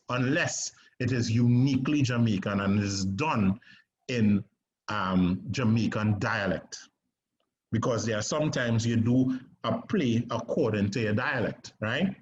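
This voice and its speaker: A man teaching an online acting lesson, talking conversationally with emphatic pauses and checks on whether his listeners follow. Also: mid-range voice, muffled recording, slight background noise.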